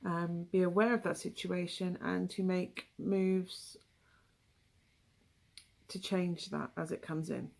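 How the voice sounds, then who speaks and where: A woman's voice: lowish voice, fairly even intonation, takes it slowly, creaky, long pauses, darkish tone. A young woman with a West Country English accent giving a casual, rambling tarot reading, full of asides and ums. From England. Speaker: tarot reader.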